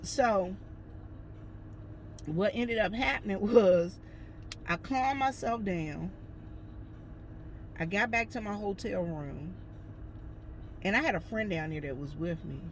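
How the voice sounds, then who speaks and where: Woman vlogging from her car, chatty storyteller, mid pitch, light background noise. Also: slow pace, pauses often. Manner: chatty, addresses viewers as y'all, lively retelling. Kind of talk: casual storytelling to camera.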